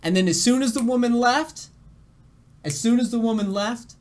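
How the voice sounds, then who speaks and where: A man's voice: very high-pitched, moderate pace. A young man streaming games, his voice shaky after crying, telling a rambling story to his chat with laughs and restarts. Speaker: game streamer. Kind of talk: casual storytelling to a live chat.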